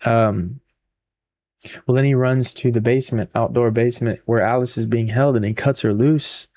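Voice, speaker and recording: A man's voice: medium pitch, steady tone, moderate pace, darkish tone. A man giving a casual spoken book review, retelling the plot in a rambling way with frequent repeats and fillers.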